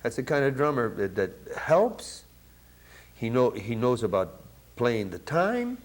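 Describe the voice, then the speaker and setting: A middle-aged man from Buffalo, New York, a jazz saxophonist telling lively anecdotes in a casual interview, laughing and acting out what others said. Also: medium pitch, measured pace. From Buffalo, New York, USA. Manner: animated, laughing storyteller who acts out quotes. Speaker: guest musician, jazz saxophonist.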